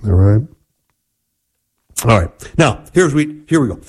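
A man's voice: mid-range voice, very animated, measured pace, long pauses, darkish tone, slightly rough. A man hosting a radio marriage advice show, teaching earnestly and repeating key phrases. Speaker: radio host and marriage therapist.

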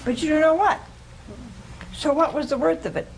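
A woman's voice: sits high, moderate pace, gravelly, low-quality recording. A woman delivers a casual sermon, talking with her listeners rather than at them. She keeps putting questions to them and chuckles often. A light hiss sits behind her voice. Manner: acts out quoted speech. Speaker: religious teacher. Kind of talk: informal sermon with audience questions.

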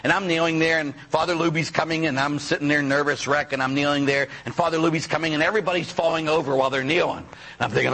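A man's voice: a little high, quick pace, fairly bright tone, husky. A man who is a Catholic priest, preaching a sermon through chatty personal stories and often tagging his sentences with "huh?". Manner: chatty storyteller, tags lines with "huh?"; acts out voices of people in his stories.

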